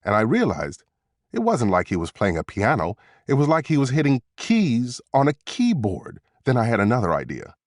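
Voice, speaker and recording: A man narrating a thriller audiobook in the first person, with steady, tense storytelling. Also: mid-range voice, normal speed, dry recording, studio quality.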